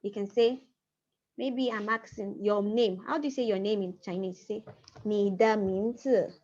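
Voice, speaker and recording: A woman teaching a language class over a video call, explaining patiently and slowing down to repeat key phrases. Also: medium pitch, fairly even intonation, a little mellow. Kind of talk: online class lecture. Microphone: computer mic on a video call. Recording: muffled video-call audio.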